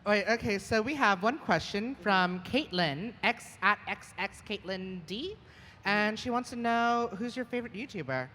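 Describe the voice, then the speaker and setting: A woman's voice: mid-range voice, animated, normal speed, fairly bright tone, slight background noise. A woman hosting an on-stage interview at a convention, moving things along with short prompts and questions. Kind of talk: casual chat on stage. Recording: roomy hall with faint ambience.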